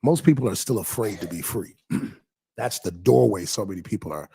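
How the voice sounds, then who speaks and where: A man, a pastor, chatting casually on a livestream, reading viewers' comments aloud and answering them, lively at times and dropping to near whispers. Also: on the low side, moderate pace, gravelly, husky.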